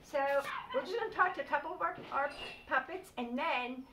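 An older woman reading a bedtime storybook aloud to a child, gently explaining and prompting as she goes. It is a distant home recording with noise behind. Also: sits high, brisk, reverberant. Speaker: grandmother reading bedtime stories.

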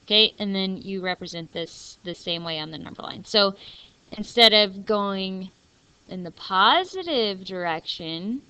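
Bright, chatty woman teaching math. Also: mid-range voice, animated, a little slow, smooth, rough recording. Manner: chatty, self-deprecating asides. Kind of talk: screencast math lesson.

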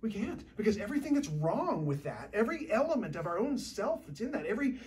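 Animated woman preaching, a bit distant. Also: mid-range voice, quick pace. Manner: conversational, lively preaching with shifting loudness. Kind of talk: sermon. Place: church.

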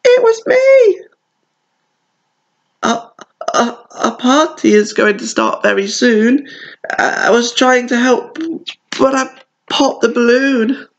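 A tiny frightened storybook hare, as a man puts it on, with a shaky voice pushed high above his own. It stammers nervously. The sound is dull and muffled. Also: lively intonation, takes it slowly, pauses often, full character voice. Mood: timid. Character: small scared hare, shaky voice.

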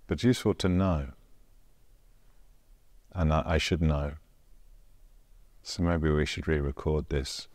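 A man's voice: extremely low pitch, fairly even intonation, a little slow, long pauses, a little mellow. A man, a visual artist, casually talking through his own works in a gallery, thinking aloud with dry, self-deprecating humor. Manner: rambling, thinking aloud with hedges.

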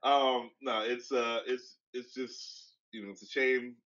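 A man chats casually in a halting voice full of fillers. His tone is bright and a bit tense. The sound is dull and lo-fi. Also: medium pitch, level tone. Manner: halting, many fillers and restarts. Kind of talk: casual chat.

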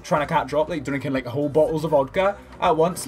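A man's voice: fairly high pitch, fast talker, hardly any pauses, soft background music. A young man swearing and bantering while doing comic impressions of his gaming friends over gameplay. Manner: profane, rowdy banter.

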